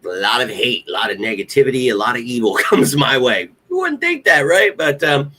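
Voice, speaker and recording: A man's voice: medium pitch, very animated, fairly quick, sharp tone, slightly rough. A man hosting a casual sports fan talk show, rambling and heartfelt, swearing now and then. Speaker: podcast host.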